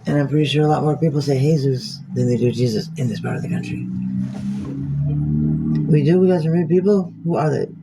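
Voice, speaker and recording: Gravelly man, mellow tone, rambling phone-livestream monologue, loose and profane, faint hiss behind. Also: a little high, poor audio. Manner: rambling, musing aloud, swears freely.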